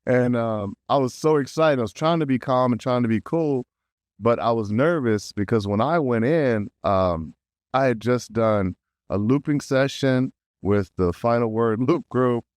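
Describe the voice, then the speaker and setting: A middle-aged male voice actor, a guest in an interview, telling a story in an animated way and acting out quotes with big jumps in pitch. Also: measured pace, dry recording, clean studio sound.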